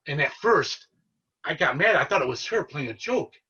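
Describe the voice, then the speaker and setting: A man, a paranormal investigator, telling his story as a podcast guest in an earnest, excitable way. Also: fairly high pitch, moderate pace, slightly rough, far from the mic, lo-fi sound. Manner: earnest, excitable storyteller who relives events. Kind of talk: casual storytelling interview.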